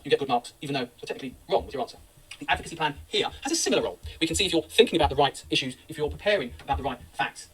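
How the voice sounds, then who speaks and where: Middle-aged man, law lecturer, rapid husky delivery, distant mic. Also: fairly high pitch, fairly bright tone. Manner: brisk, anecdotal, reassuring. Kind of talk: classroom lecture.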